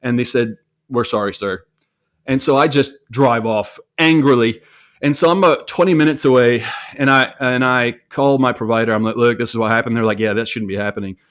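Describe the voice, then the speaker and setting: A man's voice: mid-range voice, brisk, a bit bright. Candid man telling a personal story. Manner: candid, self-reflective, repeats words when restarting. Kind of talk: conversational storytelling.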